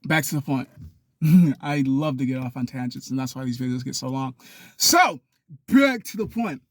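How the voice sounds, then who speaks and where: A young man talking in a rambling, animated vlog monologue, now and then acting out other people with sudden loud high yells. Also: brisk, no echo, clean studio sound. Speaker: vlogger.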